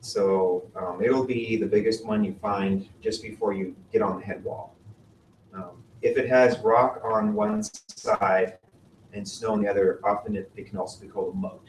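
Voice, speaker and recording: A man's voice: fairly low pitch, steady tone, moderate pace. A man giving a classroom lecture on glaciers, quizzing the class and explaining patiently. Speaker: mountaineering instructor. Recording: roomy, distant mic with faint noise.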